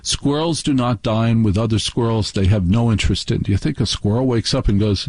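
A man hosting a radio show, telling a family story as a lively monologue and raising his pitch to quote relatives. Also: normal speed, dry recording.

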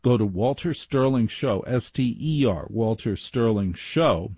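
A man hosting a radio talk show from his home, rambling sardonically and mocking listeners in high put-on voices. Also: lively intonation, measured pace, a little mellow, slightly rough, dry recording. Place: home laundry room studio.

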